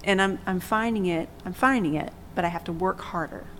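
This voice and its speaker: A woman hosting a faith discussion, speaking calmly and reflectively and reading from scripture. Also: lowish voice, brisk, a little hiss or hum, poor audio. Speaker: podcast host.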